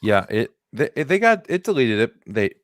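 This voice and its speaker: A man's voice: mid-range voice, big pitch swings, normal speed, a little hiss or hum. A man co-hosting a comedy podcast in casual banter, joking and restarting his sentences. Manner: jokey, restarts often, swings into loud silly voices. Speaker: podcast co-host.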